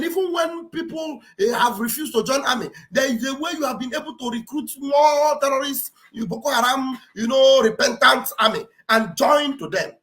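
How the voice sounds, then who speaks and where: A high-pitched woman hosts a live stream. She talks in a sarcastic, mocking way, swinging between shouts and mock wailing. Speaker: online show host. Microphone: live-stream setup.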